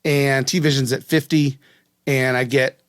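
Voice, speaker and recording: This West Virginia man hosts a podcast in a relaxed, chatty way, drifting off topic and frequently breaking off mid-sentence to start again. His medium-pitched voice is smooth and fairly bright, delivered flatly at a measured pace. The recording is dry, with clean studio sound.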